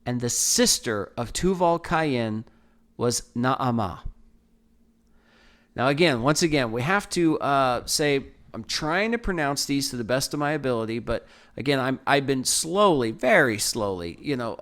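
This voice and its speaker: A man's voice: mid-range voice, expressive, normal speed, few pauses, fairly bright tone. A man hosting a podcast Bible study, explaining verses in a thoughtful, teaching manner with frequent restarts. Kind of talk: casual Bible study talk.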